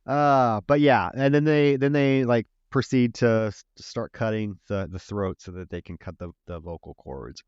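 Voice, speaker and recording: A man's voice: medium pitch, normal speed, hardly any pauses, darkish tone, clear, resonant tone, no echo, lo-fi sound. A man co-hosting a podcast, casually retelling a film scene by scene, acting out lines and swearing freely. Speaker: podcast co-host. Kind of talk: casual movie review chat.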